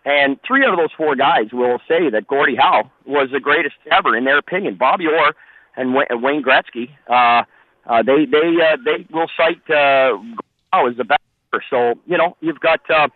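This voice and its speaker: A man's voice: mid-range voice, moderate pace, dry recording. Middle-aged hockey guy on a phone line, rambly, lots of ums, dry tinny sound. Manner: rambling, many restarts and fillers. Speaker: hockey historian guest. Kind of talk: phone-in radio interview.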